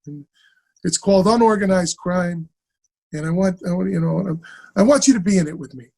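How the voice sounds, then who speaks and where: A man's voice: high-pitched, a little fast, vocal fry, darkish tone. A man putting on the voice of an older, easygoing streetwise actor who downplays everything, in a casual friendly manner.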